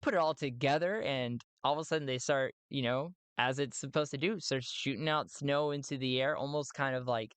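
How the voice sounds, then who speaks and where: A man's voice: mid-range voice, fairly quick, hardly any pauses, fairly bright tone, clean tone, no room sound. A man narrating a solo tabletop game in a playful, rambling way, with many fillers.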